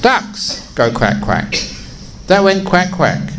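A man voicing a husband who argues calmly with his wife in a told story. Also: high-pitched, slow, very noisy, pitched above the performer's own voice, full character voice. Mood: arguing. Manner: explaining, firm then gentle. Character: patient, reasoning husband.

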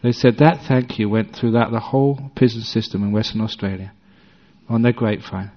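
A man giving a dharma talk as a meditation teacher, a conversational storyteller with gentle humor. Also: lowish voice, steady tone, brisk. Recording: dull recording with long hall reverb.

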